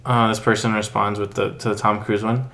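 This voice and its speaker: A woman's voice: rumbling low, level tone, a little fast, fairly bright tone. A woman co-hosting a casual podcast, chatting and reading online posts aloud. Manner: chatty, reads out online comments. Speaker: podcast co-host.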